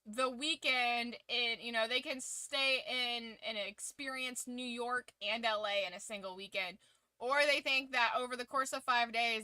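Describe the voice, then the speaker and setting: A talkative woman hosts her stream in an easygoing chat, laughing often and letting swear words slip. Her voice sits a little high and rings bright. The sound is close and dry, with no room around it. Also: no echo. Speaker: streamer hosting a watch-along. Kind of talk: casual chat.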